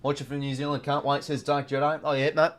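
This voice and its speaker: A man's voice: on the high side, level tone, quick pace. A young Australian man hosting a live watch-along stream, chatting casually, full of fillers and greeting viewers from chat.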